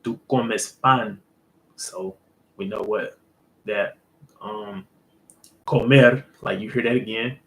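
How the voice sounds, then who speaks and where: A man hosting a casual language lesson, explaining in a loose, rambling way full of fillers and an occasional "boom" to wrap up a point. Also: expressive, slow pace, gravelly, long pauses, fairly bright tone, poor audio. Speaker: host.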